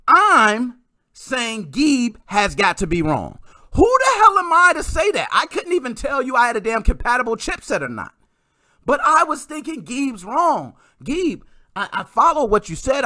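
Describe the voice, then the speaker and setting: A man hosting a podcast, telling a story in a casual, excitable way with some mild swearing. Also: high-pitched, moderate pace, no room sound, clean studio sound. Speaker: podcast host.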